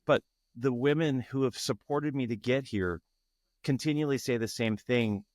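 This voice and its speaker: A man's voice: mid-range voice, normal speed, a little mellow, dry recording. Earnest man talking in a dry room. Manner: earnest, searching, frequent restarts. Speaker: guest, tantra facilitator. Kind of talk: reflective interview talk.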